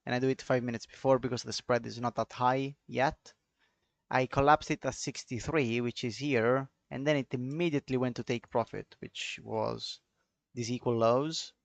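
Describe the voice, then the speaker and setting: This trading streamer from Italy speaks with an Italian accent at a normal speed, his medium-pitched voice steady and creaky, with no echo. He talks through trading charts live and chats with viewers in a loose, offhand way.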